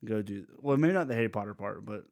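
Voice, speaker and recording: A young man, a goofy and animated podcast host telling stories in casual chat. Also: fairly low pitch, fast talker, gravelly, a crowd in the background.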